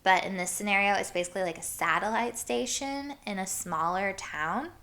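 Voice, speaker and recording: A woman's voice: mid-range voice, normal speed, pushed and bright. A young woman from Iowa hosting her own show, telling stories in a chatty way full of "like" and the odd swear word. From Iowa, USA. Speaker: podcast host. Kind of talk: casual storytelling monologue.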